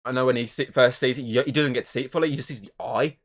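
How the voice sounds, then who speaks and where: A man co-hosting a podcast, chatting excitedly and rambling about a movie with lots of swearing. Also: medium pitch, racing. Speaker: podcast co-host. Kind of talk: casual movie review chat.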